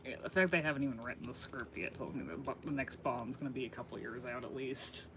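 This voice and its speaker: A man co-hosting a podcast in relaxed, conversational chat. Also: medium pitch, fast, very noisy. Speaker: podcast co-host. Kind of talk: casual chat.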